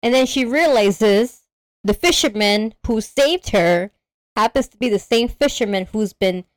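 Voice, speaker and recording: A woman co-hosting a podcast, recapping a horror movie in an animated, profane way and acting out the characters' lines. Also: on the high side, measured pace, no room sound. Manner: animated storyteller, acts out characters, swears freely. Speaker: podcast co-host. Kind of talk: casual movie recap chat.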